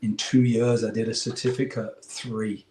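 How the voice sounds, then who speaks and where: A man in his forties from England with an English accent, a guest in an interview, telling a long story in a rambling, animated way. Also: on the low side, moderate pace, echoey room. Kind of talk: casual chat.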